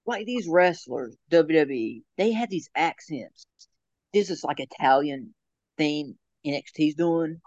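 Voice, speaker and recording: A young man with a slightly raised pitch rambles through a casual chat, laughing often and restarting sentences. The sound is dull and lo-fi, dry with no room echo. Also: lively intonation, measured pace, a little mellow.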